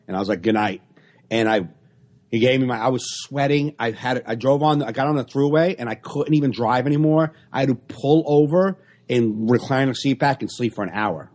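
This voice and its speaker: Man, comedian, animated storyteller, casual podcast chat, video call audio, mid pitch. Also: normal speed. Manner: animated storyteller acting out exchanges. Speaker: stand-up comedian, podcast co-host.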